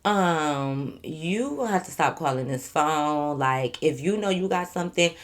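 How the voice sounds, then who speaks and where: A woman telling a personal story in a casual, animated vlog. She speaks bluntly, swears freely and talks straight to her viewers. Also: sits low, measured pace. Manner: addresses viewers directly. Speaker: YouTube storyteller.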